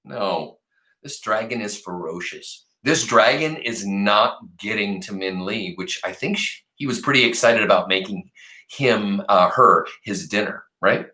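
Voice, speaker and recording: A man's voice: fairly low pitch, measured pace, bright, forceful tone, reverberant, rough recording. A man, a teacher, reading a novel aloud to his class and stopping often to talk with the students.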